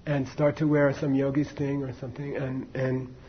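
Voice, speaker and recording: A man's voice: mid-range voice, completely flat delivery, normal speed, slightly rough, dull audio. A man giving a casual Buddhist dharma talk, telling a story conversationally with many asides to his listeners. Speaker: Buddhist teacher.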